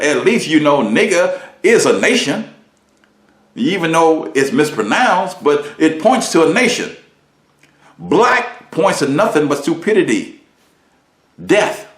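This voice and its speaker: Man, minister preaching a lesson, emphatic, rhetorical questions, mid-pitched voice, roomy echo.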